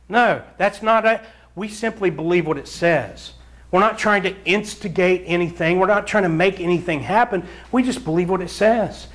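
A man preaching a verse-by-verse Bible sermon, urging his listeners to read along and telling animated stories with frequent chuckles. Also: sits high, moderate pace. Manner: animated storyteller, acts out scenes and chuckles often; addresses the congregation directly, urging them to read along. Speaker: pastor.

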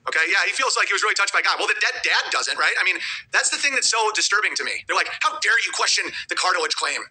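A man's voice: high-pitched, lively intonation, very fast, sharp tone, husky. A man talking on a livestream in a rambling, muttering way, reading viewer chats aloud between thoughts.

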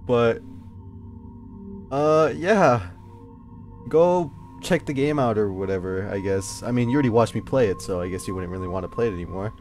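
A man's voice: mid-range voice, expressive, normal speed, darkish tone. A young man commenting on a horror game he is playing, jittery, swearing and talking to himself, with faint music behind. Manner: jittery, swears, yelps and talks to himself when scared. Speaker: gameplay youtuber.

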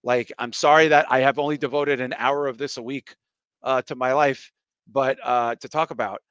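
A man's voice: mid-range voice, fairly even intonation, moderate pace, fairly bright tone, clear, resonant tone, dry recording. Middle-aged male podcast host, blunt ranter, dull dry lo-fi sound. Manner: blunt, ranting, frequent agreeing interjections. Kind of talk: casual podcast chat.

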